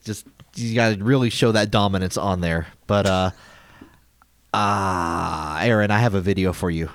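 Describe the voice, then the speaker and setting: A man's voice: deep voice, moderate pace. A man hosting a casual podcast, rambling and stumbling over words. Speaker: podcast host.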